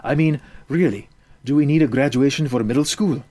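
A grumpy, know-it-all teenage boy who complains in a steady, pedantic drone, as a male storyteller voices him. His voice stays close to the storyteller's own. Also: mid-range voice, fairly quick, lightly acted. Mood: grumbling. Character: grumpy, nerdy 13-year-old boy musician.

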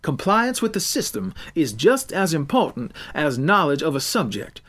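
A man's voice: a little high, sing-song, normal speed, fairly bright tone, pitched above the performer's own voice. A man voicing a cold, strict female teacher who lectures in a nagging tone. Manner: nagging, rule-bound.

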